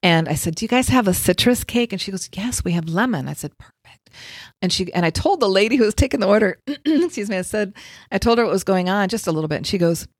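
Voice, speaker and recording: A woman's voice: mid-range voice, expressive, fast, no echo, clean studio sound. A middle-aged woman, a Reiki practitioner, telling a story in casual chat and acting out the voices of the people in it.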